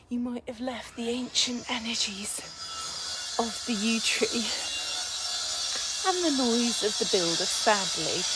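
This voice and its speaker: Soft-spoken Englishwoman whispering outdoors. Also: fairly high pitch, low-quality recording. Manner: soft, often drops to a whisper. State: slightly losing her voice. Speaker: healer and channel host. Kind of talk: casual live video chat. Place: outdoors under a yew tree in a churchyard. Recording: faint outdoor background noise.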